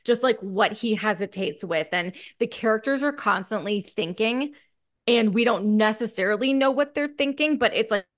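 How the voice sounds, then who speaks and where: A woman's voice: on the high side, normal speed. A woman co-hosting a casual film talk, chatty and full of fillers and restarts. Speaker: podcast co-host.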